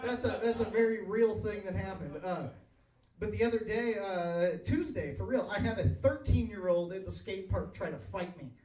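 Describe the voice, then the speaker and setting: A man's voice: high-pitched, normal speed, mellow, far from the mic. A man in his thirties doing a crude, rambling stand-up set on a bar stage, often laughing at his own jokes. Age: 30s. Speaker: stand-up comedian. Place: bar stage, live audience. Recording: echoey bar recorded from afar.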